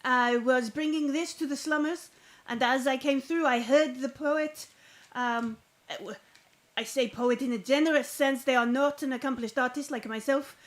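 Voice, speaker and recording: A woman voicing a pompous male poet cultist with a French accent, who rambles grandly and thinks highly of himself. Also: fairly even intonation, normal speed, natural voice. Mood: grandiose. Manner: grandiose, rambling, self-important.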